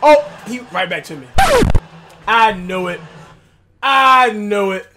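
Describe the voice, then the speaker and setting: A young man loudly commentating his own basketball video game, rough and hyped, shouting and trash-talking. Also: sits high, takes it slowly, background noise. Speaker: gaming YouTuber. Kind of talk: loud live game commentary.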